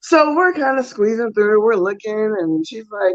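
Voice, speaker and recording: A woman co-hosting a talk show, telling a story in a casual, animated way and acting out the voices. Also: on the high side, moderate pace, dry recording, highs cut off. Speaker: co-host.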